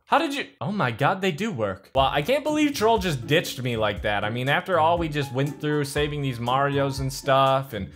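A man hosting a comedic game video, talking to his character in an excitable way, mumbling one moment and shouting the next. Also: mid-range voice, moderate pace, few pauses. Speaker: host narrating a game video. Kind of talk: comedic gameplay narration. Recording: music playing in the background.

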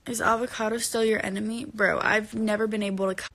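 A woman's voice: medium pitch, level tone, quick pace, gravelly, a bit bright, no room sound. A tired woman chatting casually on a late-night livestream from home, reading fans' comments, rambling and giggly and sometimes dropping into whispers. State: tired from no sleep. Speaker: singer livestreaming to fans. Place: at home at bedtime, indoors. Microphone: phone camera held close.

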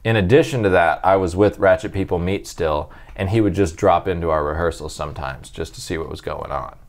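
A man's voice: sits low, a little fast. A man, a stand-up comic guest, telling loose, rambling anecdotes full of fillers in a casual chat.

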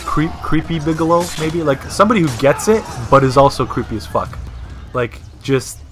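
A man's voice: a little high, expressive, normal speed, music in the background. A man casually commentating a video game, talking in a rambling, crude, profane way. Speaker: gameplay commentator.

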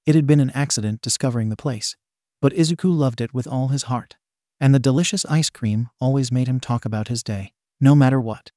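A man narrating a fan fiction story in an even, steady reading style. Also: medium pitch, a little fast, no echo, studio quality.

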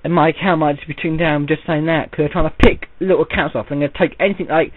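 A man's voice: fairly high pitch, steady tone, quick pace, dry recording. A man rambling through an audio-only vlog, working himself up into an indignant rant. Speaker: vlogger. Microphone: voice recorded without camera. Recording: tinny, phone-like lo-fi audio.

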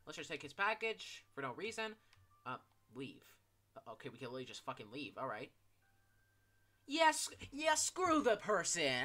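A young man giving gameplay commentary. He talks in an animated, joking and profane way, with sudden shouts. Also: on the high side, normal speed. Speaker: gaming YouTuber.

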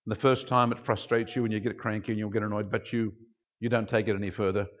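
A man preaching a sermon as pastor, explaining scripture and acting out quoted speech with big jumps in pitch. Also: little pitch movement, quick pace. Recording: dull lo-fi sound.

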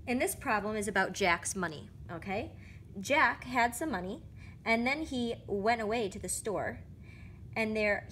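A woman's voice: mid-range voice, a bit bright, a little hiss or hum. A woman casually walking through math word problems, thinking aloud and correcting herself as she goes. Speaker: math explainer. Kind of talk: casual lesson walkthrough.

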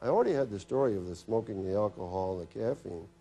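A man's voice: lowish voice, animated, fast talker, creaky, mellow, breathy edge. A middle-aged man, a physician, telling humorous stories from his practice in a health talk, acting out his patients' lines. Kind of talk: storytelling health lecture.

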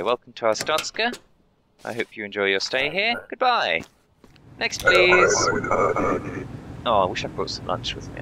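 A young man talks through a game as a polite, relentlessly cheerful border inspector, chatting to characters and muttering asides. His voice is bright and edged with gravelly fry, and his pitch swings widely as he talks. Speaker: gamer playing a border inspector. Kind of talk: role-play let's play commentary.

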